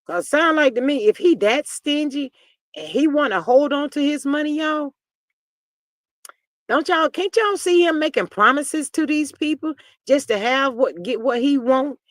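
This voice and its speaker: A livestream host chatting casually and sassily about celebrity gossip, reading out viewer comments and peppering the talk with "child" and drawn-out "mm, mm". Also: high voice, animated, fairly bright tone, dry recording, studio quality. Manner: chatty, sassy, reads viewer comments aloud.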